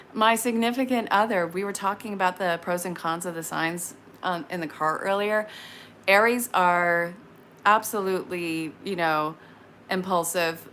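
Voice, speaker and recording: A woman in her late thirties giving casual tarot readings on a live stream, chatty and frank with quick asides. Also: lowish voice, a bit bright, slight background noise. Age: 30s.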